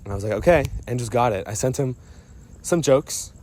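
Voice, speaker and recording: A man's voice: medium pitch, fairly quick, mellow, a little hiss or hum. Young man teasing a friend in a voice memo. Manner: teasing and profane, breaks into laughter. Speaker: friend recording a message. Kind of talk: casual storytelling voice memo. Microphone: phone voice memo.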